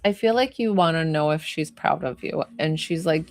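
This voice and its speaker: A woman's voice: low voice, moderate pace, hardly any pauses, no echo. A woman giving a spiritual medium reading in an effusive, emotional way with many fillers.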